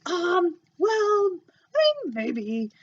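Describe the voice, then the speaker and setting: A woman's voice: wildly swooping pitch, extremely slow, muffled recording, heavily acted. A woman voicing a shy, nervous young boy who stammers and gushes, on a children's storytime show. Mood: bashful. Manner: stammering, gushing, wide pitch swings.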